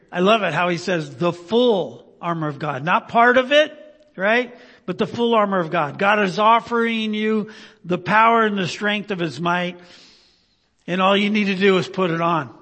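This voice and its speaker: A man preaching a sermon as pastor, earnestly checking in with "right?" and swinging between loud emphasis and quiet, low-spoken stretches. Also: measured pace, long pauses. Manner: frequent "right?" tag questions, earnest. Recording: long reverb of a large hall.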